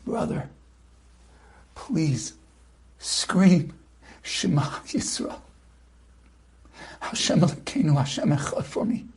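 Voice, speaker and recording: A man voicing a dying young soldier, devout and gentle, speaking in a faint whisper. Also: fairly high pitch, lively intonation, slow pace, creaky, long pauses, a little hiss or hum, heavily acted. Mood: faint, pleading.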